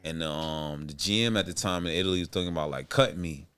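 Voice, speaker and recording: A man telling a long career story on a podcast. His voice is smooth and resonant. He talks in a laid-back, slangy way and slips into the voices of the people he quotes. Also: deep voice, fast, a bit bright. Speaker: podcast guest, former basketball player. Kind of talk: casual storytelling interview.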